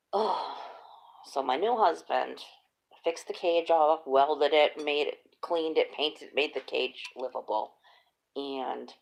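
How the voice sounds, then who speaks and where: A middle-aged woman hosting a casual chat, telling animated stories and laughing often. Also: deep voice, creaky. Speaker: host.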